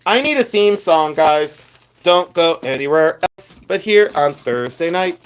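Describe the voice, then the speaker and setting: A man hosting a casual livestream about jewelry, chatty and animated, rambling with many fillers. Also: a little high, a little slow, clear, resonant tone. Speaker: jewelry designer and livestream host.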